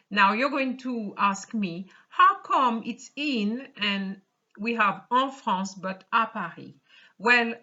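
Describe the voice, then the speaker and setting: A woman's voice: fairly high pitch, bright, forceful tone. A woman teaching a beginner French lesson in English. She reads short French dialogue lines, then explains them patiently and often checks in with the learner. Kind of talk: slow explanatory language lesson. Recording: slightly dull lo-fi sound.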